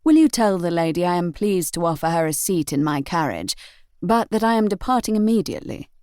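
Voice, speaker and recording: A woman's voice: fairly low pitch, very animated, fairly quick, darkish tone, dry recording, clean studio sound. A woman voicing an aristocratic male duke who speaks in a reserved, reluctant way. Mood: resigned.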